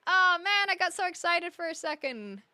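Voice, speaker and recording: Casually addressing her viewers, a young female streamer reads their comments and mulls things over indecisively. Her very high voice is sing-song at a normal speed, and the recording is dry.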